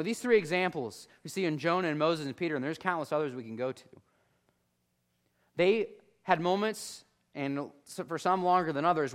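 A man delivers a sermon in a voice pitched a little high for a man. He keeps it conversational and animated and speaks directly to his listeners. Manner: conversational, animated preaching that addresses the listeners as folks. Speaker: preacher.

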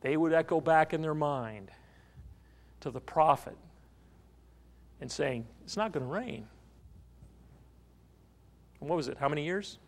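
A man's voice: fairly high pitch, normal speed, pauses often. A man preaching a sermon, telling a story and asking the congregation questions. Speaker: pastor.

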